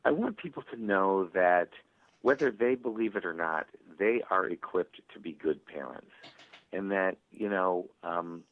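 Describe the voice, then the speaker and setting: Gravelly man on a tinny phone line. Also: sits low, measured pace. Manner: animated storytelling, acting out parents' voices. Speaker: author guest. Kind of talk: radio interview.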